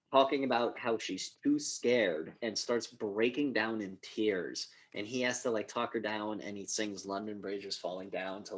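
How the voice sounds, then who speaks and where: A man's voice: on the low side, a bit bright. A man co-hosting a casual movie review podcast, animatedly retelling scenes and swearing freely. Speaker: podcast co-host.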